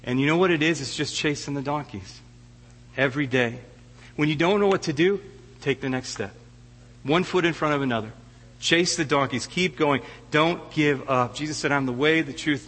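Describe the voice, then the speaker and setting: A man's voice: mid-range voice, a bit bright. Emotional male preacher in a reverberant church. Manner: emotional, stammering restarts. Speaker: guest preacher. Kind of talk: sermon. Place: church sanctuary.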